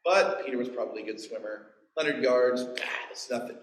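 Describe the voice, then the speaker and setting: A man's voice: medium pitch, a little fast, roomy sound, low-quality recording. A man in his forties preaching a sermon, telling the story with playful asides and acted-out quotes. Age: 40s. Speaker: pastor. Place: church.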